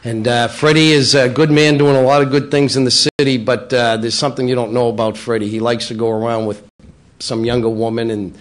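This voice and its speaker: A man's voice: medium pitch, fairly even intonation, brisk. A middle-aged man, a local politician, telling roast-style jokes and teasing people at a public breakfast. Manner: teasing, jokey, playful. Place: banquet room at a public breakfast.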